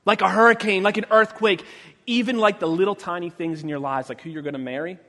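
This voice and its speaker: A man preaching a sermon as pastor, telling stories with humor and acting out the quotes, his voice swinging from quiet to loud. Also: high-pitched, steady tone, fast. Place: church sanctuary. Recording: long church reverb.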